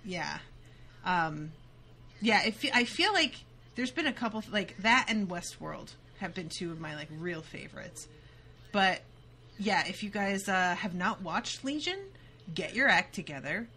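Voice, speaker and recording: A woman's voice: mid-range voice, expressive, measured pace, sharp tone, a little hiss or hum. A woman hosting a podcast, talking casually and enthusiastically, with offhand swearing. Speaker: podcast host. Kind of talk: casual chat.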